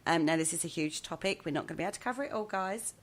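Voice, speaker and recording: A woman's voice: fairly low pitch, rapid-fire. A woman hosting a casual podcast, playful and teasing. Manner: playful, teasing, laughs often. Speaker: host.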